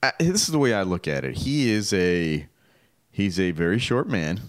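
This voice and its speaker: A man co-hosting a radio talk show in casual banter, animated and laughing often as he reads items aloud. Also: lowish voice, moderate pace, no echo, studio quality.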